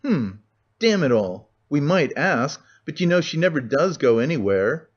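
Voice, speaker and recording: A man's voice: on the high side, big pitch swings, normal speed. A man voicing an impatient, heavyset man who bawls in a thick voice, on a dull lo-fi recording. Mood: grumbling. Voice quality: thick, bawling.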